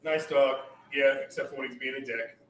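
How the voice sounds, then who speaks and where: A man's voice: mid-range voice, fairly even intonation, brisk, fairly bright tone, a little hiss or hum. A man who runs the bar, giving short, laid-back answers in casual conversation. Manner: laid-back, brief replies. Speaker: bar owner. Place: meadery bar. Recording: roomy echo with faint ambience.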